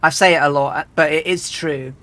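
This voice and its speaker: A woman streamer chatting casually and rambling as she flies a simulator, often restarting and clearing her throat. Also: deep voice, steady tone, normal speed, fairly bright tone. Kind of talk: casual live-stream chat while flying a flight simulator.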